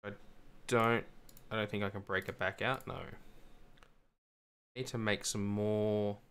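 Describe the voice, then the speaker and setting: A man's voice: fairly low pitch, little pitch movement, a little slow, fairly bright tone, smooth. A man casually narrating his own gameplay, talking himself through each step with dry self-mocking asides. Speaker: gamer streaming a survival server. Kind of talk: casual let's-play commentary.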